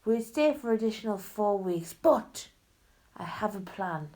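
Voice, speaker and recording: A solemn male prime minister addresses the nation in a soft, hushed voice, as a woman puts him on. He talks slowly and carefully and stays low and quiet. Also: expressive, close to an everyday voice.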